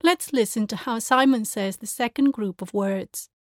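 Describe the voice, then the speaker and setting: Lady teacher walking thru pronunciation, careful and clear, bit high voice, dry close sound. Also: normal speed, no room sound. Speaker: language teacher. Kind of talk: pronunciation lesson.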